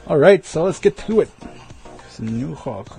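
A man teaching vocabulary in a casual lesson, repeating each word slowly and joking lightly. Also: fairly high pitch, animated, vocal fry, dark tone, soft background music. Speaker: language teacher.

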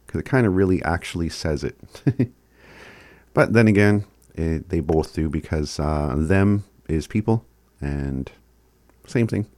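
A man teaching phrases in a casual recorded lesson, chuckling often and sounding words out slowly. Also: low-pitched, warm tone, no room sound. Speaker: language teacher.

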